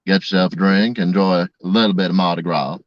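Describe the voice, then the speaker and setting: A man's voice: sits low, fairly even intonation, fairly quick, no room sound, voice pushed down, lightly acted. A man voicing an easygoing bayou local in a put-on Louisiana accent, drawling and lazy. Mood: laid-back. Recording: dry, lo-fi.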